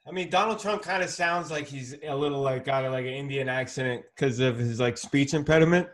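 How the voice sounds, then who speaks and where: A young man in a casual podcast chat, blunt and quick to swear. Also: medium pitch.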